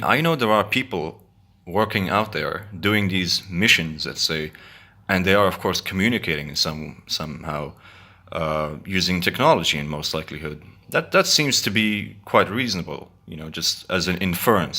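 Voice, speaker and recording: A man's voice: fairly low pitch, pushed and bright. A man talking earnestly to his viewers in a casual monologue, often restarting his words. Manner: earnest, repetitive, stumbling restarts. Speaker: video blogger.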